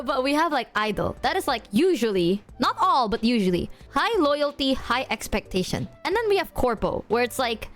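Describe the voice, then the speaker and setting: A woman's voice: sits high, very animated, normal speed, faint music behind. A young woman streaming and chatting casually with her viewers, bubbly, laughing often and swearing freely.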